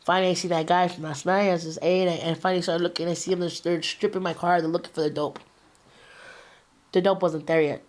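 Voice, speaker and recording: A woman's voice: fairly low pitch, little pitch movement, quick pace, darkish tone. A woman, telling a personal story as a guest in a casual, streetwise way with slang and swearing.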